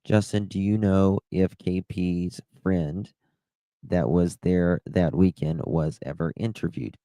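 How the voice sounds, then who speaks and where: A man's voice: low-pitched, steady tone, slow, warm tone, dry recording. A man with a Southern accent hosting a live stream, telling stories in a chatty, rambling way. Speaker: livestream host. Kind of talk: casual live-stream chat.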